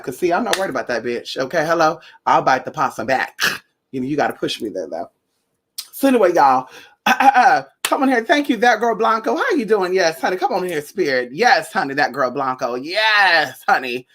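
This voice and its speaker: A young woman from Northern California talks straight to her viewers, telling a story with plenty of cussing and sass. Her pitch sits on the low side but swings widely as she gets animated. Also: moderate pace. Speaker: spiritual vlogger. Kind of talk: casual storytelling vlog.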